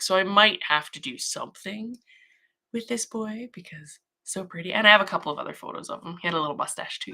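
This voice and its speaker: A woman with a low-pitched but bright, forceful voice chats her way through a casual livestream. She rambles easily as she works, greeting people and humming little filler sounds to herself. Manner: chatty and rambling, hums filler sounds while working. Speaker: livestream host, model horse artist.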